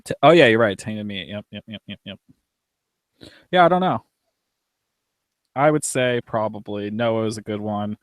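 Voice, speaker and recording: A man's voice: fairly low pitch, normal speed, pauses often, no room sound, clean studio sound. A young man co-hosting a casual live podcast, reading listener emails aloud, laughing often and swearing casually.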